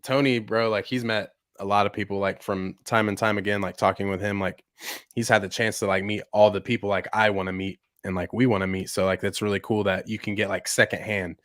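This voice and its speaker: A young man hosting a podcast, chatting excitedly with lots of "like" and "bro". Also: lowish voice, a little fast, no echo, clean studio sound. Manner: excitable, heavy use of "like" and "bro". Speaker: podcast host. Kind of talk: casual chat.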